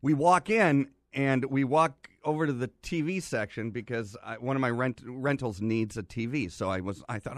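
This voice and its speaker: A man's voice: mid-range voice, normal speed, few pauses, no echo, clean studio sound. A man telling an anecdote on a chat show, acting out other people's lines as he goes. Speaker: show regular telling a story. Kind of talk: casual studio chat.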